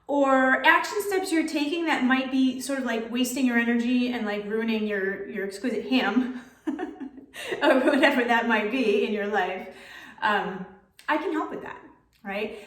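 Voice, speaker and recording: Woman coach chatting casually, keeps saying right?, kinda high voice, echoey room. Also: expressive, unhurried, fairly bright tone. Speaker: life coach. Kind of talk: storytelling and coaching talk. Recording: roomy echo, distant mic.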